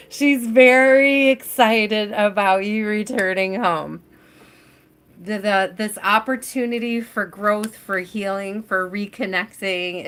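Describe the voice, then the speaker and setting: A woman's voice: mid-range voice, fairly bright tone. A woman hosting a live tarot reading stream, chatting casually and addressing viewers by name as she reads.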